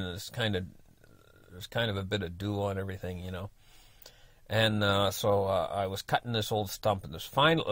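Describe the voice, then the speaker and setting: A man's voice: lowish voice, fairly bright tone, no room sound, studio quality. Folksy older man telling a story. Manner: folksy, rambling, full of "you know" and restarts. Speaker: storyteller, channel host. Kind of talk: casual spoken storytelling.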